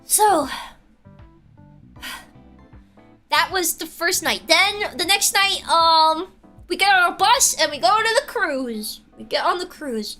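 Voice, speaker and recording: A young woman with a high, bouncy voice that leaps all over the place, telling a gossipy story to her stream. Her tone is bright and sharp, and she laughs often between remarks. Soft music plays quietly behind her. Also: expressive, slow, pauses often. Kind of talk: casual storytelling while reading chat.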